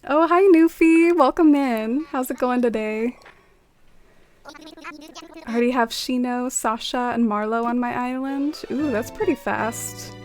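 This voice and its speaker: A woman's voice: fairly high pitch, a little slow, soft background music. A young woman streaming a game, chatting in a friendly way with viewers and musing aloud. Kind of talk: casual chat with viewers.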